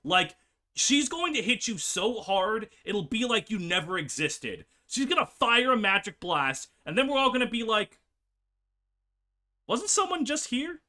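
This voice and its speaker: Casting: lively tabletop player, a man with a bright, sharp voice and crude, mocking banter. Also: sits high, moderate pace. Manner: animated, profane, mocking. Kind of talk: casual role-play banter.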